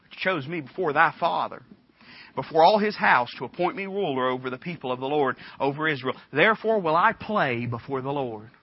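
A high-pitched man delivers a sermon. He swings from folksy storytelling into loud, fervent preaching. The recording is dull and lo-fi. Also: lively intonation, fairly quick, breathy edge, no room sound.

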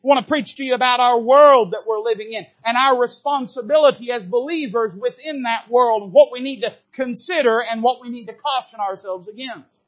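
High-voiced preaching man, slow and deliberate. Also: fairly bright tone. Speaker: pastor. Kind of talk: sermon.

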